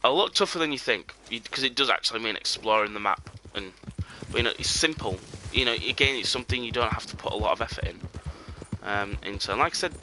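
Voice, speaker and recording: In casual live gameplay commentary, a man rambles with plenty of "you know" and "um," his mid-range voice fast, pushed and bright over slight background noise. He drops to a near whisper while sneaking up on game.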